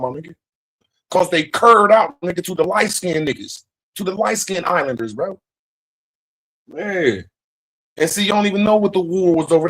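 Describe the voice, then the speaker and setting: A man's voice: high-pitched, a bit bright, poor audio. A man hosting a livestream, talking in a profane, rambling, emphatic casual rant. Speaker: livestream host.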